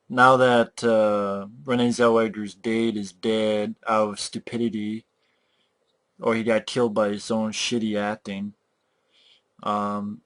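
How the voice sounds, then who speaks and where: A man's voice: lowish voice, fairly bright tone. A young man ranting about a movie, exasperated and mocking, with heavy swearing. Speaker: movie reviewer. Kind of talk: profane movie rant.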